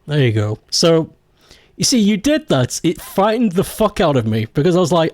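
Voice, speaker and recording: A man's voice: on the high side, big pitch swings, moderate pace, a little mellow, no echo, clean studio sound. A man chatting casually on a live stream, joking around, laughing often and swearing freely.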